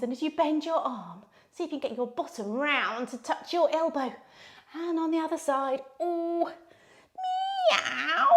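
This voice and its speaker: A woman leads children through yoga like a storyteller. Her voice sits high and leaps about in lively swoops, with playful sound effects woven in. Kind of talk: guided kids' yoga story.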